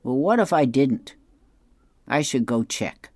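A man's voice: mid-range voice, expressive, takes it slowly, a little mellow, no room sound. A man voicing a fretful, hungry husband from a comic strip, mumbling his worries.

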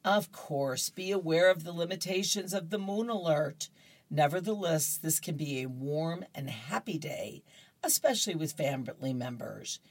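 Middle-aged woman host, low pitch, husky, relaxed chatty pace. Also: moderate pace. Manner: chatty, laughs easily. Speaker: host reading horoscopes and comics. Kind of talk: casual radio-style chat.

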